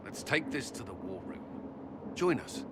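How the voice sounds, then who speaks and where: An actor voicing an earnest, formal commander rallying allies in a video game. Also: male voice, lowish voice, very animated, unhurried, heavy background noise.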